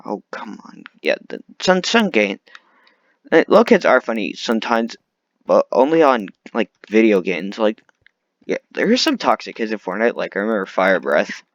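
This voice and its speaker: A man's voice: lowish voice, very animated, normal speed, dry recording, lo-fi sound. A man delivering an unscripted, rambling rant full of complaints, often restarting his sentences. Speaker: vlogger.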